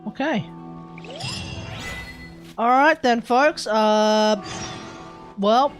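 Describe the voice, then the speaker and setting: An Australian woman streaming a game live, chatting excitedly and talking to her viewers. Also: a little high, extremely slow, faint music behind. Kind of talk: live gameplay commentary.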